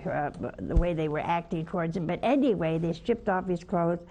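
A woman with a warm, mellow voice preaching as a religious sister. She tells homely stories and keeps turning to her listeners with questions like "see?" and "hmm?". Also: lowish voice, fairly quick, a little hiss or hum. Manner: folksy storytelling with rhetorical questions. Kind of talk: homily-style spiritual talk.

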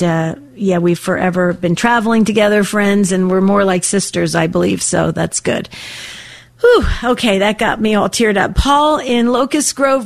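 An older woman hosting a Catholic call-in radio program, talking in a warm, emotional way with many fillers and restarts. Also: medium pitch, creaky.

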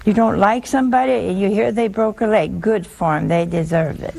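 A woman's voice: medium pitch, brisk, creaky, a little mellow, slight background noise. A woman giving a folksy sermon, chatty and teasing, full of rhetorical questions to her listeners. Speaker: religious teacher.

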